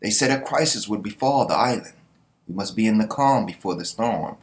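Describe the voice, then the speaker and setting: A man's voice: lowish voice, lively intonation, brisk, close to an everyday voice. A man voicing a ship captain who barks orders at his crew. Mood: urgent. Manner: barking orders.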